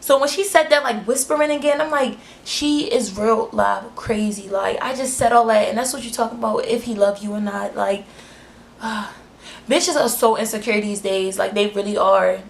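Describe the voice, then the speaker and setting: Young woman doing a storytime vlog, blunt and animated, swears a lot, middle pitch. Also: normal speed, creaky, slight background noise. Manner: frank, blunt retelling with slang and swearing; animated, acting out the other people in the story. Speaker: vlogger.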